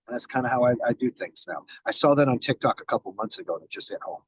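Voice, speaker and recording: Talking fast with hardly any pauses, a business founder guesting on a casual podcast has a mid-range, slightly rough voice. He speaks bluntly and emphatically, curses, and keeps restarting sentences, captured in poor, echo-free audio.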